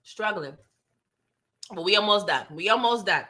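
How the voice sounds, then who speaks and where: A woman's voice: mid-range voice, animated, moderate pace, bright, forceful tone, slight background noise. A woman recapping a TV episode in casual commentary, chatty and talking straight to her viewers, often laughing. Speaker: TV recap reviewer.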